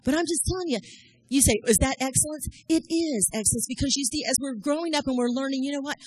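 A woman's voice: sits high, quick pace, darkish tone, no echo. A middle-aged woman, giving a sermon in a folksy, storytelling way. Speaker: church speaker.

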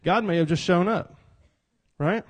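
Joking preacher working the congregation. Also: male voice, high-pitched, unhurried. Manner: joking, self-described cut-up, calls for congregation responses. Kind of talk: interactive church sermon.

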